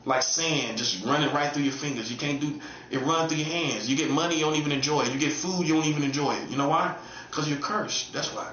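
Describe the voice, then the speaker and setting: A man in his late forties delivering a taunting monologue, full of repeated mocking questions, jumping between a high teasing tone and a low growl. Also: fast, a bit bright, echoey room, highs cut off, a little hiss or hum. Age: 40s. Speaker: self-styled prophet streamer.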